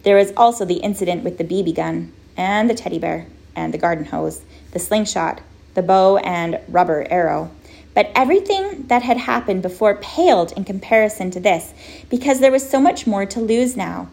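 Woman audiobook narrator, steady and measured, with a gravelly voice. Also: mid-range voice. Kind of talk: scripted storybook narration.

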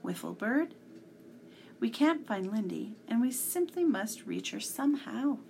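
A woman voicing an excited young boy explorer who talks in eager, urgent exclamations, reading a storybook aloud. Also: a little high, a little slow, creaky, slight background noise, full character voice. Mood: earnest.

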